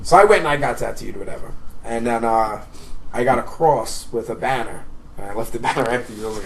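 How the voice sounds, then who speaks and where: A man's voice: medium pitch, lively intonation, quick pace. A man in his thirties, a tattoo artist guest, telling rambling, profane stories with frequent laughter in casual chat. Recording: distant mic with crowd noise.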